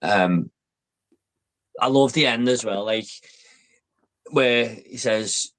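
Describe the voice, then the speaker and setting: A man's voice: mid-range voice, slow pace, fairly bright tone. A man hosting a casual podcast chat, talking enthusiastically and rambling with fillers. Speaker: podcast host.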